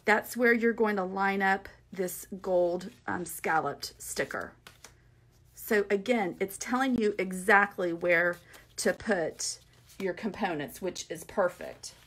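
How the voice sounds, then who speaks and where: A woman talks viewers through a craft kit in a relaxed tutorial. She is chatty and upbeat, trailing into asides and little fillers as she points things out. She sounds like she is talking to a camera set over her work table. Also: mid-range voice, slow pace. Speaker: craft demonstrator. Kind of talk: casual tutorial walkthrough.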